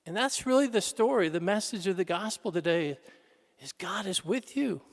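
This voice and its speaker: A man preaching a sermon in a church, dramatic, swinging between loud exclamations and hushed tones. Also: high-pitched, animated, moderate pace. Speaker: pastor. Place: large church. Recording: reverberant church hall.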